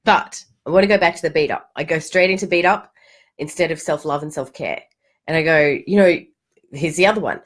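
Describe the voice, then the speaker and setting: An Australian woman hosting a live stream, hoarse from a cold, talking in a chatty, candid way with quick restarts and the odd swear word. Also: fairly low pitch, big pitch swings. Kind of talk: casual motivational live chat.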